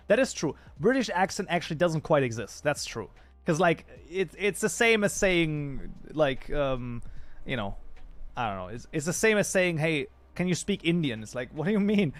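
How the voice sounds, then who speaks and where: A man's voice: fairly high pitch, very animated, normal speed. Casual male livestream host at a desk mic, talkative and off-the-cuff, faint music behind. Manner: rambling, chatty, thinks aloud with fillers and restarts. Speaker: streamer reading chat. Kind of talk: casual livestream chat while modding a game.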